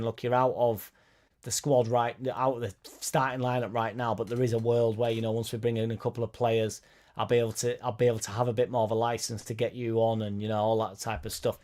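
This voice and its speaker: Man, casual live stream host, chatty, reads out viewer comments, mid-pitched voice. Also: a little mellow. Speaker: fan channel host reading live chat.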